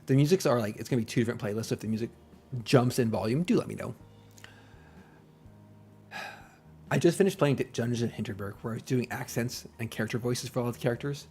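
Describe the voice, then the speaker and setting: A fast-talking man with a dark, medium-pitched voice chats on a live stream, broken up by long pauses. Faint music sits in the background as he wanders through self-deprecating jokes and asides.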